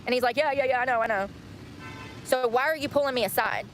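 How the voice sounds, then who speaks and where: A woman who livestreams herself, ranting at a fast clip and circling back over her own points. Her voice sits a little high. Faint background noise runs under her talk. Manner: ranting, indignant, repeats herself.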